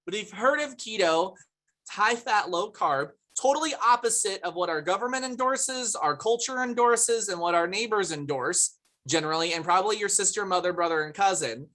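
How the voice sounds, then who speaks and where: Speaking in a mid-range voice with lively intonation, normal speed, and a fairly bright tone, a woman hosts a cheerful product showcase on a video call. She chats, laughs often, and calls out viewers from the chat by name, all through her computer mic.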